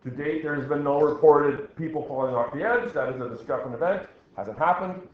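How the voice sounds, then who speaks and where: A middle-aged man lectures a science class, reading a passage aloud and breaking off to explain it, with a dry teacherly joke now and then. His voice sits a little high for a man. The recording is dull and muffled, with strong classroom echo. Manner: reads a text aloud and pauses to explain, with dry teacherly jokes. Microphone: recorder in the room. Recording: very echoey, dull classroom recording with faint noise.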